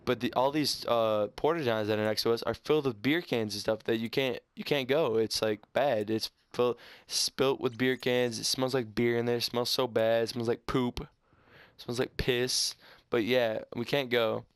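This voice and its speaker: A sixteen-year-old boy, casually telling a story over gameplay in a halting, rambling way full of restarts and stutters. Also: mid-range voice, steady tone, clean tone, no room sound. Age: teens. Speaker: gaming YouTuber. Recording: faint gunfire from game audio. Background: video game gunfire.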